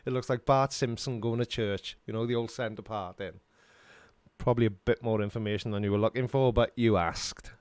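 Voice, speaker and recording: A man's voice: fairly low pitch, fairly even intonation, normal speed, a little mellow, dry recording. A middle-aged Welsh man hosting a casual live stream, rambling and joking while answering chat questions from his home studio. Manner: rambling and jokey, laughs often.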